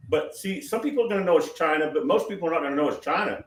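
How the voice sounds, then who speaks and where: A man's voice: fairly high pitch, lively intonation, very fast, few pauses. Man rambling emphatically, far from mic. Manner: rambling, emphatic, many restarts. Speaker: prophetic show host. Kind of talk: prophetic question-and-answer talk. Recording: roomy sound from far off the mic.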